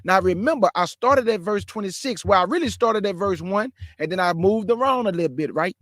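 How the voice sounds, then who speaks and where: High-voiced man preaching emphatically. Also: animated, a bit bright, no room sound, studio quality. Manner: emphatic, fires rhetorical questions at listeners; reads scripture aloud slowly and deliberately. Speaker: online Bible teacher. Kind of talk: preaching Bible commentary.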